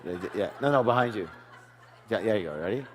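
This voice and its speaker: A man giving a live seminar talk, lively, quizzing the audience with call-and-response questions. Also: lowish voice, fairly quick. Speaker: seminar speaker. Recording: long hall reverb.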